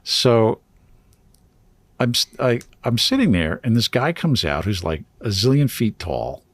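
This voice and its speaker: A man's voice: mid-range voice, sing-song, unhurried, no room sound. A man co-hosting a podcast, telling a story in casual chat and laughing often as he goes. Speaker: podcast co-host.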